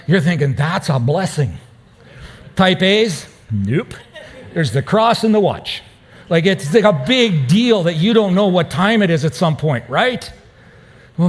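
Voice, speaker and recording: A man's voice: a little high, moderate pace. Man preaching a personal story. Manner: storytelling, animated, dropping to a hushed tone. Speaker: pastor. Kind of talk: sermon. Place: church.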